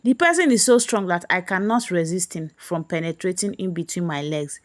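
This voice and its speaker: A woman's voice: lowish voice, fairly quick, lightly acted. Tearful young maid, pleading and shaken, read by a woman. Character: weeping frightened young house girl.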